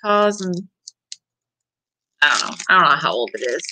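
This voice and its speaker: Bright chatty woman hosting a live sale. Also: low voice, sing-song, moderate pace, low-quality recording. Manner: chatty, rambling, answers viewer comments, laughs often. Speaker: online vintage seller hosting a live sale. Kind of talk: casual live-sale chat.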